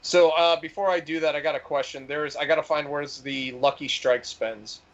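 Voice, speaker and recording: Halting man on dull lo-fi audio. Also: on the high side, fairly even intonation. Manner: halting, repeats himself while searching. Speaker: player. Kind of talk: tabletop role-play chat.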